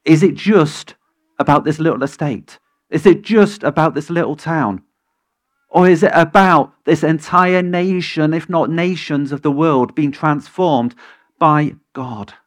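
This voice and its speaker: A male pastor delivers a passionate sermon, pressing the congregation with question after question. His voice sits high for a man, and he takes his time, leaning hard into the key words before building to emphatic peaks. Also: measured pace. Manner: impassioned, rising to emphatic peaks, asks the congregation many questions.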